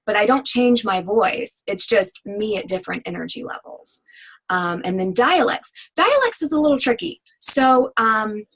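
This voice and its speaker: A woman who produces voiceover demos, answering questions in a casual webinar with energetic, chatty talk full of fillers. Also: medium pitch, moderate pace, breathy edge, low-quality recording.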